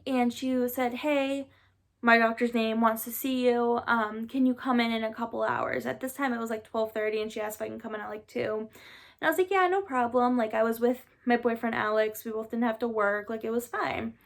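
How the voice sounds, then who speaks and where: Young woman with a gravelly voice. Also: on the high side, steady tone, brisk. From Massachusetts, US. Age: 20s. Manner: chatty, many "like" and "um" fillers, sighs. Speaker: vlogger telling her cancer story. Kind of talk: casual storytelling to camera.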